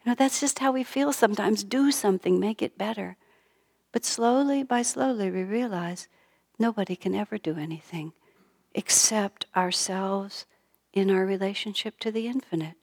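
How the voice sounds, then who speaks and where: Woman giving a gentle sermon. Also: medium pitch, moderate pace, gravelly. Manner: gentle, drops to a soft whisper on key lines. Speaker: spiritual teacher.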